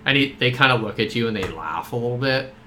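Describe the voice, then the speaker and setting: A man running a tabletop game as game master, narrating in a relaxed, rambling way with fillers. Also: medium pitch, fast talker, a little hiss or hum.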